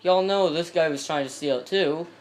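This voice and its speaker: A man's voice: fairly high pitch, moderate pace. A man giving casual gameplay commentary, rambling and breaking off mid-sentence to chat with viewers. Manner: rambling, self-interrupting, chatty asides to viewers. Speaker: video game commentator.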